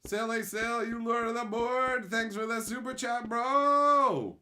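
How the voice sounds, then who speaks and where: A man's voice: very high-pitched, level tone, moderate pace, pushed and bright. A middle-aged man from Canada hosting a casual livestream, ranting with heavy profanity and mocking silly voices. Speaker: livestream host.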